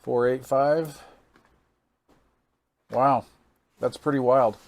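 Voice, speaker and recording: A man's voice: mid-range voice, steady tone, drawn-out words. A man hosting a casual hands-on radio gear demo, folksy and amazed, thinking aloud while he reads meters and counts into the mic. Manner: counts into the mic during test calls. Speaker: radio hobbyist channel host.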